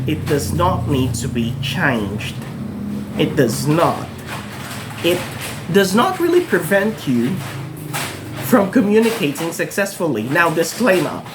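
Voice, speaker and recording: Filipino guy in his 30s, slow and earnest, keeps repeating stuff, noisy background. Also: fairly high pitch. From Philippines. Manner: earnest, encouraging, repeats himself for emphasis. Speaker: English-learning vlogger. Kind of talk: earnest direct-to-camera talk.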